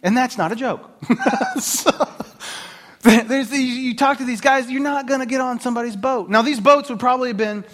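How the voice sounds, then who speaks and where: A pastor with an extremely high-pitched voice gives a conversational sermon at a moderate pace. He's an animated, joking storyteller, full of laughs and filler words.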